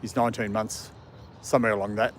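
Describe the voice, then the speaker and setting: A man's voice: on the low side, level tone, fast talker, a little hiss or hum. Chuckling man with an Australian British accent. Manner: rambling and chuckling, talking to chat and dogs. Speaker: live-stream host walking his dogs. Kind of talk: casual live-stream chat. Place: outdoor park. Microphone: phone.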